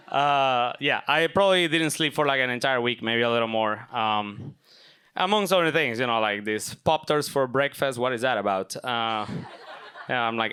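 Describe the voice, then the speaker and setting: Young man, smooth resonant storytelling voice. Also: medium pitch, moderate pace, sharp tone. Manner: casual, self-mocking, filler-heavy. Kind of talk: live personal storytelling. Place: stage at a live event.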